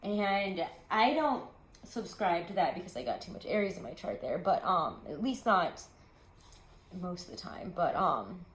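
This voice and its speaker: Chatty low-voiced woman reading tarot. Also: very animated, measured pace, roomy sound. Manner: chatty, rambling, many "like"s and asides. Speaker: tarot reader. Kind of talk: casual tarot reading to camera.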